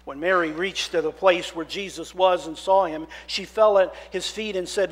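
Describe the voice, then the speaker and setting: A man preaching a sermon as minister in a church, reading scripture aloud and telling the story with dramatic shifts from hushed to loud. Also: high voice, moderate pace, hardly any pauses. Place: church sanctuary.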